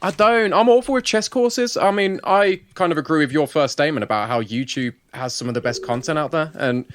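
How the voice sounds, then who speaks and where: A man's voice: on the high side, brisk, fairly bright tone, slight background noise. A man, co-hosting a podcast in casual chat, jokey and playful, swearing casually. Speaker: podcast co-host.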